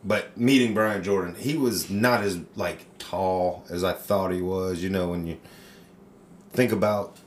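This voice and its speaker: A man's voice: low voice, steady tone, measured pace, slight background noise. A man on a casual podcast telling a story animatedly, swearing freely and acting out the voices. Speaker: podcast co-host. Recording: roomy echo.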